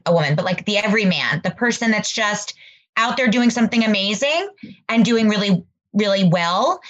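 Brief: woman podcast host, warm rambling storyteller, slightly dull audio. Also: medium pitch. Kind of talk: casual interview chat.

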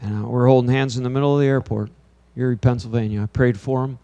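A man in his fifties, a pastor preaching to a congregation, telling a lively story, then turning quiet and earnest. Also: medium pitch, fast, muffled recording. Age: 50s. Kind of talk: sermon with storytelling. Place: church before a congregation.

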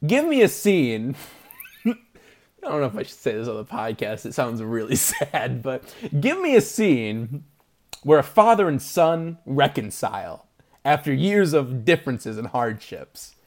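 A man's voice: mid-range voice, big pitch swings, a little slow. A man co-hosting a podcast, chatting casually about movies, laughing often and making fun of himself. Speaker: podcast co-host. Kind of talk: casual movie-review chat.

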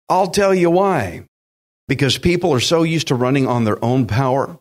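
A man's voice: medium pitch, lively intonation, moderate pace. A man preaching a sermon, emphatic and direct, acting out quotes and speaking to listeners as friends. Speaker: pastor.

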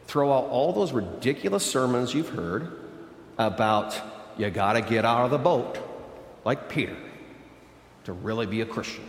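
Pastor preaching in an echoey church. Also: male voice. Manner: dramatic, swings from loud emphatic bursts to low quiet intensity. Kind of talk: sermon. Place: large church hall. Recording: echoey church hall with long reverb.

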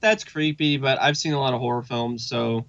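A man's voice: medium pitch, fairly even intonation, moderate pace, fairly bright tone, no room sound. A man in casual podcast chat, trailing off and restarting his thoughts. The recording is muffled and lo-fi, dry with no room sound. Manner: hesitant, restarts, fillers. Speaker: podcast co-host. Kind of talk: casual chat recapping a TV episode.

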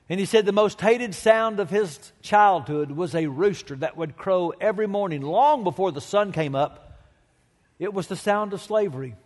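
A man preaching a sermon as pastor, slow and emphatic, swelling to loud climaxes. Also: high-pitched. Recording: long reverb of a large hall.

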